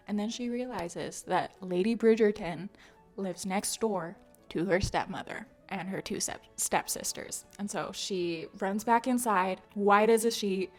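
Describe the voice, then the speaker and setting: A woman host talks through a book recap in an easy, chatty way, full of fillers and little laughs. Her pitch sits in the middle. Faint music plays behind her. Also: a little slow.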